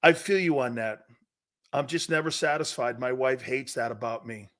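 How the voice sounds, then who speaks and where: Brash, loud sports talk host. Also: male voice, medium pitch, moderate pace. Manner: brash, excitable, laughs often, needles his co-hosts.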